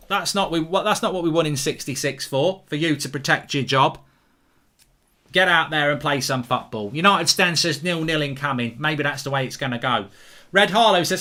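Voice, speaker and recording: A man from England talks through a live football watchalong, rambling and excitable as he reads out viewer messages. His voice sits fairly high and sounds bright and sharp. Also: moderate pace. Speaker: host.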